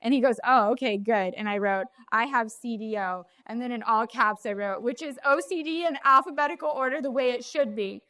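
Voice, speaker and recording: A woman's voice: on the high side, a little fast, hardly any pauses, sharp tone, no room sound. A young woman co-hosting a podcast, chatting casually and telling a story with lots of fillers. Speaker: podcast co-host. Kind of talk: casual chat.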